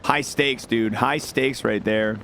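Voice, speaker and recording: A man's voice: medium pitch, fairly even intonation, takes it slowly, vocal fry, a bit bright. A young adult man streaming a game, chatting casually and rambling as he answers his chat. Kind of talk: casual live-stream chat while gaming. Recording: background noise with mouse clicks.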